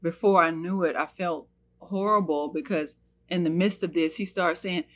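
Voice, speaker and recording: A woman's voice: fairly low pitch, steady tone, normal speed, fairly bright tone. A woman from the United States telling a personal story in an earnest, searching way, with many fillers and restarts.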